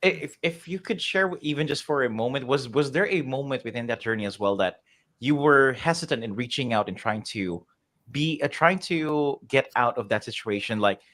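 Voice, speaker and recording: A man hosting a live author interview. His questions come out halting, with restarts and repeated words. He backs the guest with encouraging affirmations. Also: medium pitch, fairly bright tone. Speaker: interviewer host.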